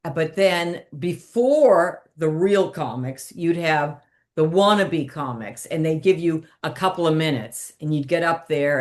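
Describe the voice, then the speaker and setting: A middle-aged woman, a comedic impressionist, telling stories animatedly in an interview and laughing often. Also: sits low. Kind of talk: chatty interview storytelling.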